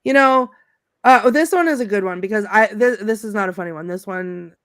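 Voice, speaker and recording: A woman's voice: mid-range voice, brisk, fairly bright tone, clean tone, no room sound, clean studio sound. A middle-aged woman on a podcast panel, chatting casually, laughing often and reading favorite movie quotes aloud with relish.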